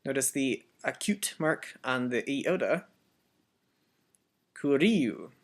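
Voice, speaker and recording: A teacher giving a Biblical Greek lesson as a voice-over, speaking deliberately and repeating each word so learners can copy it. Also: mid-range voice, lively intonation. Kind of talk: slow instructional voice-over.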